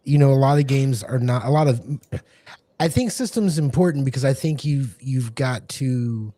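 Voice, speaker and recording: A man's voice: medium pitch, expressive, moderate pace, warm tone, no room sound. A man talks through tabletop game ideas in a loose, rambling way, full of restarts and fillers. His voice sits in a middle register and sounds dry and close, with no room around it. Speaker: podcast co-host and game master. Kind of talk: casual chat.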